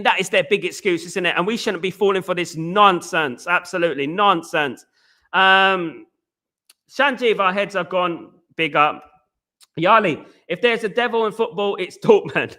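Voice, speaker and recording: A man's voice: high-pitched, pushed and bright. A man hosting a live fan stream, reading chat comments and ranting with exasperation. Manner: ranting, exasperated, repeats himself.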